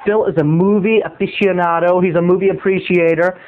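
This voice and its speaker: High-voiced man rambling through a tinny line. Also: steady tone, a little fast. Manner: rambling, stammering restarts, sudden loud outbursts. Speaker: comedy show host. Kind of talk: comic storytelling monologue. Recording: tinny phone-like lo-fi audio.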